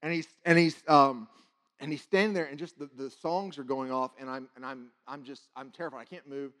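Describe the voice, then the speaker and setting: A man preaching, telling a personal testimony in an animated, halting way, with many restarts and sudden drops to a hush. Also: mid-range voice. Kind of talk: sermon testimony storytelling.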